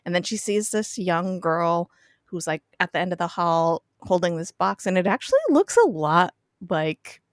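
A woman recapping a TV episode as a podcast guest, chatty and quick to laugh. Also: on the low side, animated, dry recording, clean studio sound. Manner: giggly, chatty storytelling with frequent laughs. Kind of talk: casual chat.

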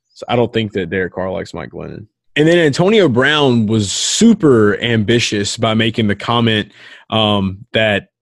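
A man with a lowish voice talks football in a loose, rambling podcast chat. He fills his sentences with "like" and "I mean." The sound is dry and close, with no room around it. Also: dry recording. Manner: rambling, lots of filler words. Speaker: podcast co-host. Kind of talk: casual sports chat.

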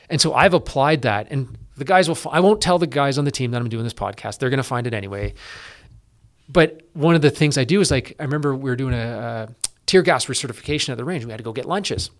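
A middle-aged man from Canada, a police officer guest, talking in a casual interview with lots of fillers and restarts. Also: medium pitch. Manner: energetic, quick, with many fillers and restarts.

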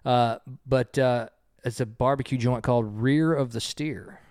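A man's voice: medium pitch, steady tone, measured pace, darkish tone, clean tone, dry recording, clean studio sound. A man chatting casually as a podcast co-host, telling rambling stories with stammered restarts. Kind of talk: casual chat. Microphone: headphones with a mic on a remote call.

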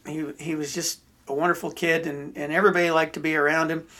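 A man's voice: a little high, flat delivery, quick pace, a bit bright. A middle-aged man hosting a podcast, telling a story in a rambling, folksy way with many restarts. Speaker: podcast host. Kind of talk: casual storytelling chat.

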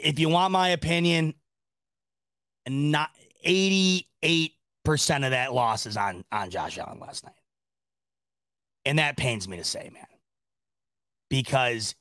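A man's voice: a little high, a bit bright, no room sound, clean studio sound. A man hosting a sports reaction podcast, talking casually in a rambling, exasperated way with lots of restarts and laughter. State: laughing to tears.

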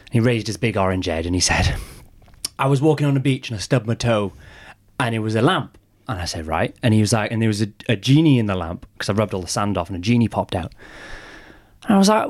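A man's voice: mid-range voice, fast talker. A man telling a long joke in casual podcast chat, acting out the dialogue. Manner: animated storyteller, acts out dialogue.

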